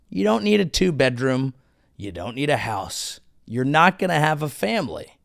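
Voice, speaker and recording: A male comedian hosting a show rips through a sarcastic, profane political monologue with animated energy. His fairly high voice has vocal fry, captured with studio quality and no room sound.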